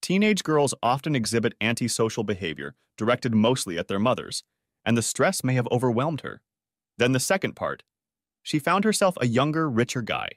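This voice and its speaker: Expressive man narrating a dramatic story. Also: mid-range voice, moderate pace, no room sound, studio quality. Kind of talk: first-person story reading.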